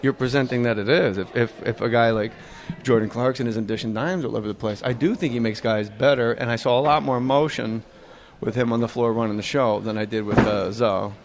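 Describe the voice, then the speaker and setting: A middle-aged man hosting a casual sports podcast, joking and rambling excitably. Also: medium pitch, brisk, noisy background. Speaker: podcast host. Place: arena after a game.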